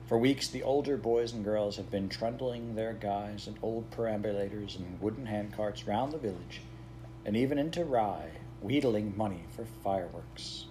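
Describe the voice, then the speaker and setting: A man narrating a children's novel in a measured, even audiobook reading. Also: lowish voice, a little hiss or hum.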